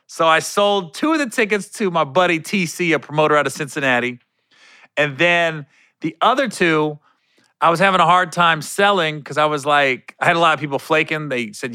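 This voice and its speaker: A man telling a long, rambling story in a casual, animated way, often correcting himself mid-sentence. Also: fairly high pitch, brisk, clean tone, no echo.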